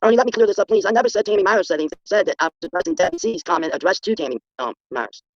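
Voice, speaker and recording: A middle-aged or older speaker pours out words very fast in an emphatic, defensive manner, with a gravelly edge. The pitch swings widely. The stream audio is dry and muffled. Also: very animated, no echo. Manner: emphatic, defensive, talks in rushes. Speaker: guest on a livestream. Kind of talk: casual livestream chat.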